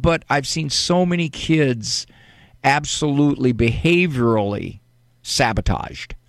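A man's voice: mid-range voice, fairly bright tone, no echo, clean studio sound. Joking radio call-in host, a man. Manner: joking, conversational, with filler words. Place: radio studio.

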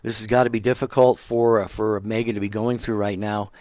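A man's voice: on the low side, little pitch movement, a little fast, darkish tone, no room sound. A middle-aged man co-hosting a call-in talk show, earnest and full of "you know" fillers. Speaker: co-host. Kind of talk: casual radio talk show.

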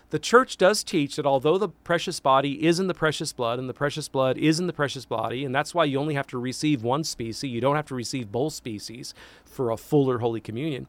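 A man, a priest hosting a call-in radio show, answering listener questions with animated, emphatic teaching in a studio. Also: on the high side, no room sound. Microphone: studio mic.

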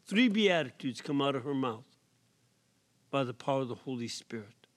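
A man, a priest, giving an emphatic sermon in a prison, rising to loud accents and sometimes dropping to a whisper. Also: animated. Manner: slow, emphatic preaching with sudden rises in pitch and volume; drops to a soft whisper for effect. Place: prison chapel or hall.

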